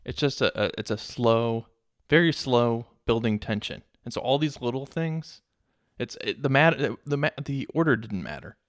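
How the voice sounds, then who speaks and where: A man co-hosting a casual movie podcast, relaxed, filling in story details with hesitant restarts. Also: mid-range voice, normal speed, no echo, clean studio sound. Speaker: podcast co-host. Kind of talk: casual movie review chat.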